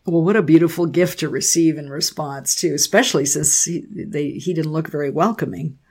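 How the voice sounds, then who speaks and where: A woman's voice: deep voice, a little fast, darkish tone, husky. A woman hosting an interview, responding thoughtfully and asking her guest questions. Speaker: host. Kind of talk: interview conversation.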